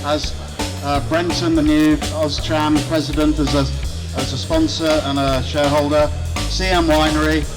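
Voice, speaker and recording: A man's voice: a little high, level tone, normal speed, over music, poor audio. A man acting as MC, courteously thanking sponsors at an event. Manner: formal, courteous. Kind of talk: announcement to a crowd.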